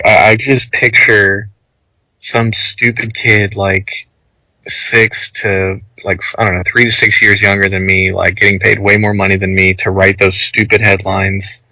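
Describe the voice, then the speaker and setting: A young man with a low, gravelly, bright-edged voice tells rambling stories in a loose podcast chat. He's animated and peppers everything with "like". The sound is dry and close. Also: no room sound, low-quality recording. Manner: rambling, animated storytelling with lots of "like". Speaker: podcast co-host. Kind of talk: casual chat.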